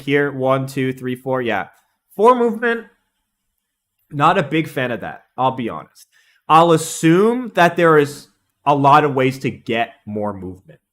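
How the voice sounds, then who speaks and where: A young man streaming a casual, excitable game analysis, rambling and laughing at his own slips. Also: mid-range voice.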